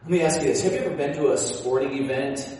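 A male pastor preaching a sermon, telling stories with animated energy and dropping into quiet emphasis. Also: mid-range voice, fast. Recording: echoey hall from far off.

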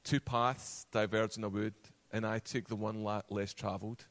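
A man preaching a sermon, animated, acting out quoted voices, and dropping to a soft, low voice for emphasis. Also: moderate pace. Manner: acts out quoted voices and asides.

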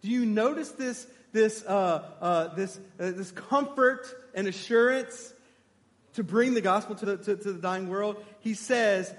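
A man preaching a sermon, animated and emphatic, putting questions to his congregation. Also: high-pitched, a little slow, big-room sound.

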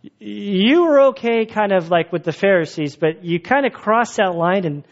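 Preacher playing a fretful, wounded lawyer who hedges and pleads; slightly high voice, muffled sound. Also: male voice, moderate pace, natural voice. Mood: pleading. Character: whiny, nervous adult male lawyer. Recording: dull lo-fi sound.

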